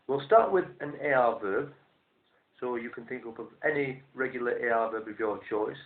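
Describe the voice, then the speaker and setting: A medium-pitched man gives a language lesson, explaining each step in a measured, methodical way and slowly repeating every form. The recording sounds roomy and tinny, almost like a phone.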